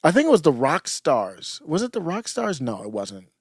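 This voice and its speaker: A man with a slightly higher voice co-hosts a podcast in casual conversation. He rambles nostalgically, trailing off mid-thought and starting over. The recording is dry and close. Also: wildly swooping pitch, normal speed, husky, no room sound. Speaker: podcast co-host. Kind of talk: casual chat.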